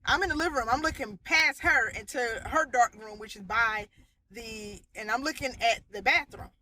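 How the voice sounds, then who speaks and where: A woman's voice: on the high side, moderate pace, a little hiss or hum. A woman casually and animatedly retelling haunting experiences from her family home, acting out the people in it. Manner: animated, vivid retelling with voiced quotes and sound effects. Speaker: storyteller sharing a haunting testimony. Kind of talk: casual spoken storytelling. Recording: audio cutting in and out.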